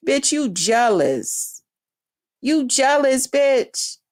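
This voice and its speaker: Brash, high-voiced woman ranting. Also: big pitch swings, extremely slow. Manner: brash, trash-talking, swears constantly. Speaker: vlogger. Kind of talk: profane ranting monologue.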